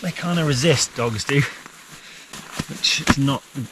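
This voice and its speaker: A man's voice: medium pitch, unhurried. A man camping in a tent in a forest, chatting casually to the camera and talking to his dog in a fond, sing-song voice. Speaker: vlogger. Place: inside a small tent in a forest. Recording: distant mic with clear background noise. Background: rain and outdoor noise.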